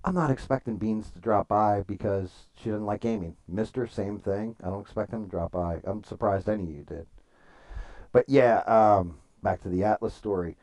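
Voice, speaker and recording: Low, mellow-voiced man chatting on stream. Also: moderate pace. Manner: rambling storytelling, swears freely, reads chat aloud. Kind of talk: casual livestream chat.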